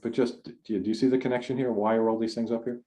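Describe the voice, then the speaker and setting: A man's voice: medium pitch, flat delivery, rapid-fire, mellow. A man giving a conversational talk over a video call, rambling and restarting his sentences often. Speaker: speaker. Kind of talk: online forum talk.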